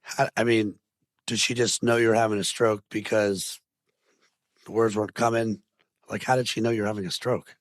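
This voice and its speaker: A podcast host with a fairly low voice who asks short, probing follow-up questions in a relaxed interview. His voice sounds dry, with little room sound. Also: moderate pace, pauses often, no echo.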